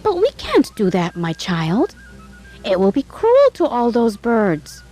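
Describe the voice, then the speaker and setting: Storybook king, old, kind and worried, voiced by a woman, gentle and slow, faint music. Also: fairly high pitch, huge pitch swings, voice pushed up, exaggerated voice, poor audio. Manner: gentle and reluctant.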